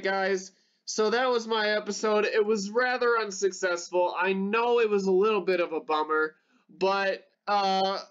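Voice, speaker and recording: High-voiced excitable gaming man. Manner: excitable, exclaiming in frustration. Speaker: gaming channel host. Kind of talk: let's play commentary.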